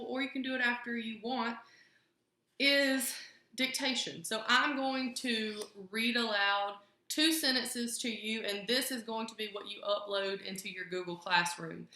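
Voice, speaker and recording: A young woman teaching a phonics lesson to small children, slowly sounding out each word. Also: fairly high pitch, steady tone, sharp tone. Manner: slow, clear sounding-out of words. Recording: very echoey room.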